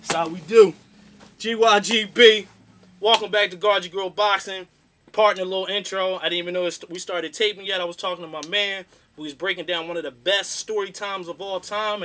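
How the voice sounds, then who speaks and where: A man's voice: high voice, sharp tone. A young man hosting a boxing show, giving a casual, slangy, rambling rant.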